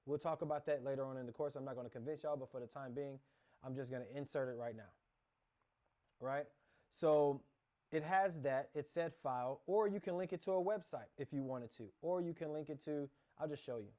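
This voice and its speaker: A fairly high-voiced man walks through a software lesson while sharing his screen. He rambles casually, narrating each click and correcting himself mid-sentence. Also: fairly quick. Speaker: course instructor. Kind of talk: casual screen-share tutorial.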